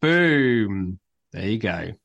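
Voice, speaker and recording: A man's voice: on the low side, very animated, extremely slow, creaky, a bit bright. A man co-hosting a casual podcast, chatting about TV and running a light quiz in a rambling, teasing way. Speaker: podcast co-host.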